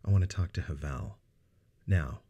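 A man's voice: sits low, animated, normal speed, dark tone, slightly rough, lo-fi sound. A man voicing a blunt young woman survivor, speaking coldly. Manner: cold, blunt.

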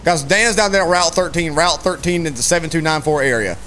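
A man streaming a police role-play game, excitedly calling out a chase, shouting and repeating himself. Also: fairly high pitch, a little hiss or hum. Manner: excitable, shouts and laughs, repeats phrases rapidly. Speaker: streamer playing a police deputy.

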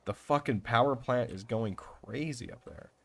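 A young man giving casual, excitable gameplay commentary, swearing often and talking to himself as he plays. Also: mid-range voice, moderate pace, creaky. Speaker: let's play gamer.

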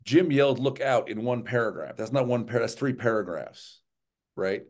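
A man leads a writing workshop in a conversational lecture style, frequently checking in with listeners through "right?" and "okay?". He's animated, with a mid-range voice and a normal speaking speed.

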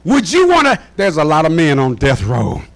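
A man preaching a fervent sermon in a church, often shouting and repeating "watch this" to rally the congregation. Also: a little high, wildly swooping pitch, moderate pace, gravelly. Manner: shouting, repeats "watch this", folksy call-and-response. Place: church sanctuary.

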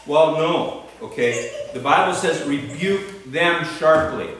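Emphatic preacher in a very echoey church. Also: male voice, fairly high pitch, a bit bright. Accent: Canadian. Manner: emphatic, repeats "right?" and "okay?". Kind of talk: sermon. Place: church hall. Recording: very echoey church, distant mic, faint noise.

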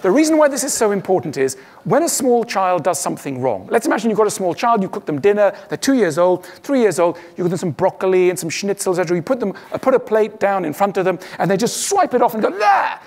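Animated man giving a stage talk. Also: high voice, fast talker, hardly any pauses. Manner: witty, animated, acts out quoted voices. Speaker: public speaker.

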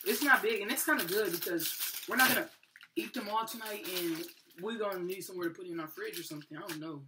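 Casting: female vlogger, mid-pitched, excited slangy chatter, has a cough, noisy home recording. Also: fast. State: has a cough, eating a cough drop. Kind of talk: casual chat.

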